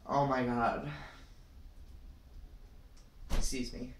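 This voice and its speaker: A woman's voice: deep voice, takes it slowly, a bit bright, slight background noise. A young woman improvising a comic story time, rambling and dramatic, with lots of "like" and "you know". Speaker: vlogger. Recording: roomy, distant from the mic.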